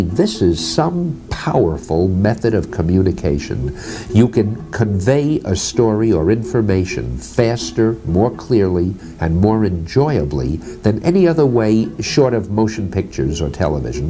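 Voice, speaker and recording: An older man being interviewed, telling stories from his life in an animated, lively way and acting out the dialogue. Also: deep voice. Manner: animated, lively storyteller who acts out dialogue. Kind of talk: storytelling interview.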